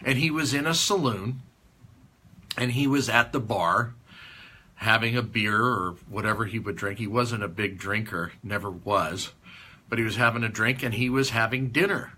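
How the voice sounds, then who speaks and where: A man's voice: on the low side, normal speed, sharp tone, slightly rough. A man giving a conference talk, telling a folksy, rambling story in an anecdotal style. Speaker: conference speaker.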